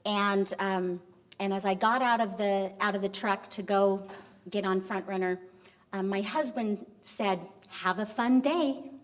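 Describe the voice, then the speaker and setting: A middle-aged woman giving a lecture, telling a story in an animated way and acting out the dialogue. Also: mid-range voice, unhurried. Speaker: university vice president giving a lecture.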